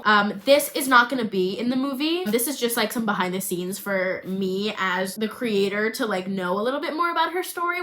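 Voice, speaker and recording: A young woman chatting casually about the story she is writing and reading from it with strong feeling. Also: a little high. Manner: emotional, expressive, swings between hushed reading and excited chatter. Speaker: creator reading her screenplay draft. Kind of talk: casual chat and dramatic reading.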